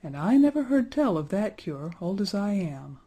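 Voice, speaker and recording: A woman voicing a fond, sentimental old nurse in a storybook reading, gentle and homely. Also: medium pitch, big pitch swings, moderate pace, slightly rough.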